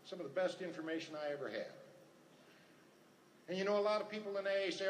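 A man's voice: on the high side, sing-song, fast talker, long pauses, a little hiss or hum. An older man giving earnest personal testimony at a recovery meeting, telling stories and repeating his phrases. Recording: echoey hall, faint ambience.

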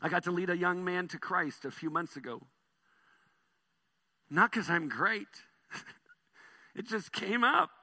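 A man preaching a sermon as pastor, telling stories with animated swings between soft and loud delivery. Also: high voice, a little slow, long pauses.

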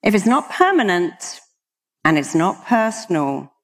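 A woman's voice: fairly low pitch, sing-song, measured pace. Emphatic woman speaking in an echoing hall. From Britain. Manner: emphatic, quotes people in acted voices. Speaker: hypnotherapist speaking to an audience. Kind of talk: motivational talk. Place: large hall with an audience.

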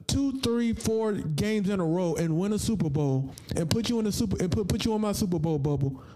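High-pitched guy rambling through his football pick, stammers a lot, big swings in his voice. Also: expressive, a little fast, warm tone, a little hiss or hum. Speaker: podcast co-host making picks. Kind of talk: casual sports banter.

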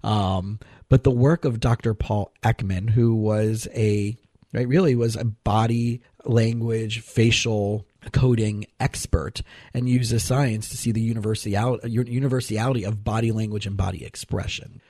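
A man's voice: lowish voice, steady tone, a little slow, mellow, no echo, studio quality. A man who works as a therapist, hosting a conversational interview and telling a story from his practice in a thoughtful way. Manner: thoughtful, tells stories from his practice with restarts. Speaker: podcast host and therapist.

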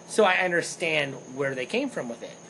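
Young male podcast co-host, slightly higher voice, lively candid storyteller, faint hiss behind. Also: moderate pace, low-quality recording. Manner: animated storyteller, swears freely. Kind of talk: casual chat.

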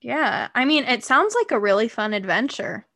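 A young woman hosting a casual podcast, with a very high, bright voice. She reacts to her guest with open enthusiasm and a lively, swooping pitch. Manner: enthusiastic, quick to laugh. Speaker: podcast host.

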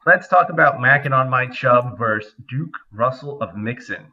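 A man hosting a podcast, briskly steering the casual chat along. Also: medium pitch, animated, muffled recording. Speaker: podcast host.

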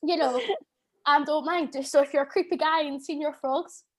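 Scottish woman in her 20s, high voice, lively co-host telling stories with loud bursts. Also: moderate pace. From Scotland. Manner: animated, loud bursts when acting out moments. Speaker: podcast co-host. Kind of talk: casual storytelling chat.

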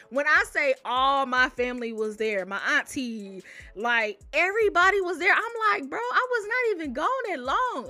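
A young woman telling personal stories in a casual, animated way, often calling out to her listeners. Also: fairly high pitch, dry recording. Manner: animated, addresses listeners as y'all. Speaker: storyteller. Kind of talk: casual storytelling to camera.

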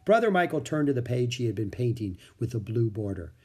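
Male narrator, children's book, husky, animated delivery. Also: mid-range voice, brisk.

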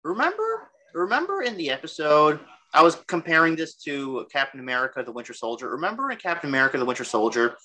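A man co-hosting a casual podcast, rambling excitedly and acting out quotes. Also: on the high side, quick pace, hardly any pauses. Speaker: podcast co-host. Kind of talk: casual chat.

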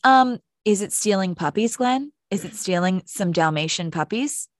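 A woman co-hosting a podcast, recapping a TV series in loose casual chat. She talks at a medium pitch in a dry, close recording. She acts out the characters' lines as she goes and fills her talk with "like". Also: moderate pace, no room sound. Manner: animated retelling, acts out characters' lines, lots of "like". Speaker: podcast co-host.

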